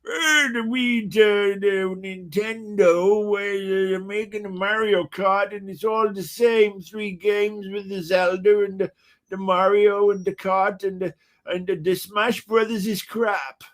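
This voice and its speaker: A man putting on the voice of a grumpy seventy-year-old man, rambling and grumbling in halting fits. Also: high-pitched, steady tone, voice pushed up.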